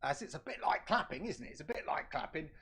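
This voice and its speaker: A man's voice: on the high side, lively intonation, vocal fry, fairly bright tone, breathy edge. Male host, casual live-stream chat, playful teasing delivery with stops and restarts. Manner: teasing, halting, with frequent fillers and repeats.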